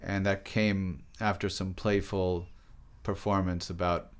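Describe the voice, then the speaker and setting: A man, a poet and artist, talking haltingly about his work in an interview. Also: deep voice, little pitch movement, clear, resonant tone. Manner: halting, many restarts. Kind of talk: casual interview talk.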